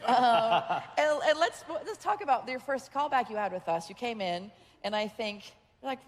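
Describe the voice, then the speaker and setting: A woman's voice: fairly high pitch, expressive, fairly quick, hardly any pauses. A woman voice director chatting on a panel, talkative and laughing often. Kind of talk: panel conversation. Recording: echoey hall.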